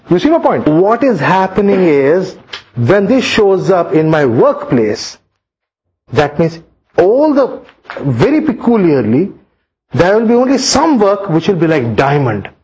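Man, astrology teacher, high voice, very lively pitch, rhetorical questions, dull lo-fi recording. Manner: animated, rhetorical questions, acts out complaints. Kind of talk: lecture to students. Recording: dull lo-fi sound.

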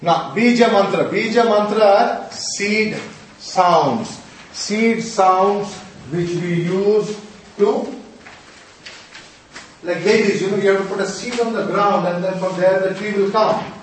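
This classroom lecture, captured at a distance in an echoey room with slight background noise, features a middle-aged man teaching Sanskrit and mantras. His pitch is high and his pace slow as he questions students, supplies the answers himself, and teases them with mock scolding.

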